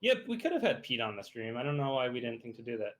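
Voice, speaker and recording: A man's voice: mid-range voice, very animated, fast. A man co-commentating a card game stream, asking questions and cracking dry jokes while complaining of the heat. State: overheated.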